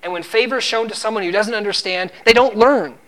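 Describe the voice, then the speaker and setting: A fast-talking preacher with a slightly bright voice quotes scripture and drives his points home. He becomes higher and louder for emphasis and takes on the servant's lines himself.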